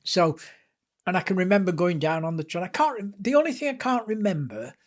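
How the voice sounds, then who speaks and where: This guest author, an older Lancashire man from England, speaks briskly in a high voice. He spins lively, chatty anecdotes for a podcast interview, often poking fun at himself.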